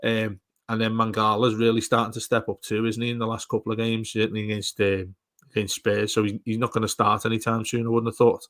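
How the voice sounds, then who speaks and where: A man's voice: fairly low pitch, monotone, quick pace, fairly bright tone, no echo. A man co-hosting a casual football podcast, enthusiastic and often restarting his words. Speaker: podcast co-host.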